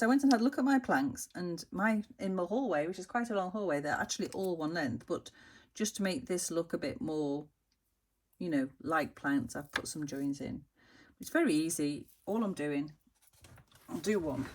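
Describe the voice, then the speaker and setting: There is slight background noise as a middle-aged woman with a lowish voice chats through her crafting vlog. A dolls house hobbyist, she turns gushing and sentimental as she unboxes and works.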